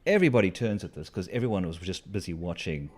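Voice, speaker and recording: A man's voice: low voice, animated, quick pace, a little mellow. A man telling a wry, rambling story to his stream, with asides to the listeners. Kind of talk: casual storytelling while gaming.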